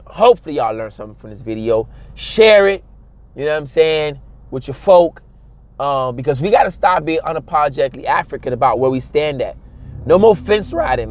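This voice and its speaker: A man's voice: on the high side, dry recording. A young adult man talking straight to camera in a casual vlog, emphatic and preachy, repeating phrases for stress. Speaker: vlogger. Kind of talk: casual commentary monologue.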